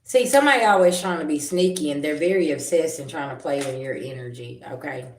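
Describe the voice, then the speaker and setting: A woman giving a livestream tarot reading, blunt and confrontational, with slangy talk and sharp comebacks to her viewers. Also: low-pitched, quick pace. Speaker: tarot reader. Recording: echoey room with loud background noise.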